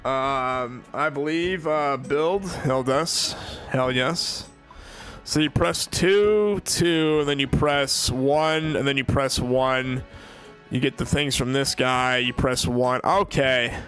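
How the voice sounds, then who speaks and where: A man's voice: mid-range voice, slow pace, soft background music. A young man chatting with his viewers while streaming a game, swearing, laughing in bursts and getting worked up. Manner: excitable, swears a lot, laughs in bursts, talks to chat. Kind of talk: live gaming stream chat.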